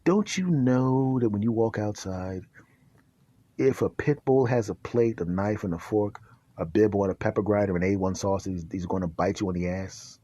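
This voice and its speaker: A man voicing a stern, weary male doctor who lectures in a low, quiet voice. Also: moderate pace, dry recording, lightly acted. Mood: lecturing.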